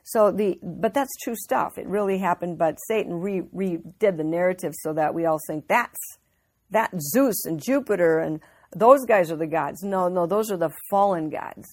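A woman's voice: lowish voice, moderate pace, darkish tone, dry recording. A woman giving an informal Bible teaching, telling the story earnestly with frequent restarts.

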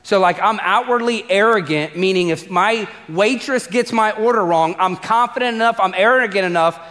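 High-voiced animated male pastor. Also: moderate pace, long reverb tail. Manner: animated storyteller, acts out voices, conversational asides. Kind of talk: sermon.

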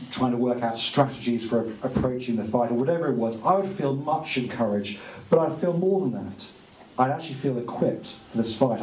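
A man giving an earnest, conversational speech at a book launch, pausing with fillers. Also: medium pitch, warm tone, a little hiss or hum. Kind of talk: informal speech to an audience. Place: room at a book launch event. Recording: echoey room, distant mic, faint ambience.

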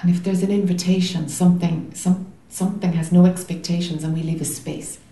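A woman spiritual teacher gently guiding and affirming a questioner in a retreat dialogue. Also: lowish voice, fairly even intonation, a little fast, echoey room, rough recording.

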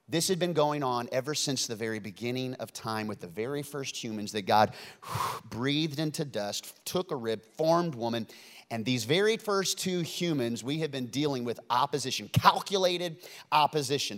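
A man's voice: medium pitch, in a large hall. A man preaching a sermon as pastor, telling stories with joking asides.

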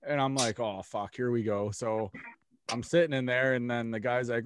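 A man's voice: medium pitch, normal speed, smooth, no room sound. A young man telling rowdy hockey stories among friends, swearing often and acting out what people said. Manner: profane, animated storytelling with quoted voices. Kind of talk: casual chat.

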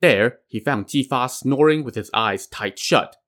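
A man's voice: mid-range voice, unhurried, fairly bright tone. Guy retelling an old legend, casual and wry, sneaks in jokes. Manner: wry, conversational asides. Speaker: storyteller. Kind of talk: storytelling narration.

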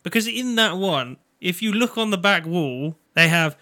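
A man's voice: high voice, lively intonation, moderate pace, bright, forceful tone. A man in casual chat, jokey and fond of tag questions.

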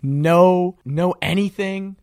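A man's voice: high voice, takes it slowly, no echo, studio quality. A young man in casual chat, telling stories with lots of laughter and casual swearing. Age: young adult. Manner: animated, laughing storyteller, swears freely.

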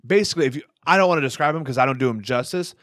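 A young man rambles through a long story on a casual podcast, swearing freely and circling back on himself. His voice sits at a middle pitch and sounds dry and close to the mic. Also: rapid-fire, no room sound. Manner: animated storyteller, profane and rambling. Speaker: podcast co-host. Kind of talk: casual conversation.

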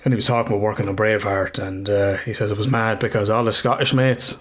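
A man's voice: fairly low pitch, fairly even intonation, fast, a bit bright. An Irish man co-hosting a podcast, chatting casually, swearing freely and laughing a lot.

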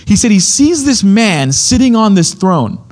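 A man's voice: high voice, sing-song, measured pace, a little mellow. A young adult man preaching a sermon, telling a story in a casual way and acting out the voices of the people in it. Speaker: pastor.

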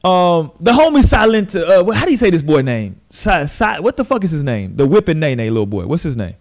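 A male podcast host with a voice pitched a little high. He tells stories in loose, profane, animated chat. He slips into quick impressions of the people he talks about.

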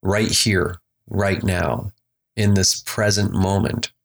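A man giving a relaxed, conversational motivational talk on mindfulness, slowing down to lead breathing. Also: low voice, creaky. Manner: relaxed, conversational, slows for emphasis. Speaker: spiritual teacher. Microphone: desk microphone.

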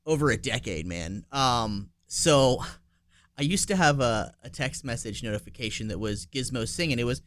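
Animated man, dry close sound. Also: mid-range voice, normal speed, no echo. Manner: animated storyteller, laughs often, swears. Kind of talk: casual storytelling.

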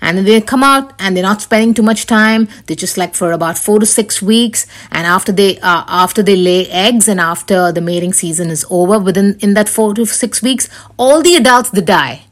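A woman's voice: medium pitch, normal speed, few pauses. A woman hosting her own podcast, chatting casually on her own and rambling with many fillers and restarts. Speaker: podcast host. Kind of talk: casual solo podcast chat.

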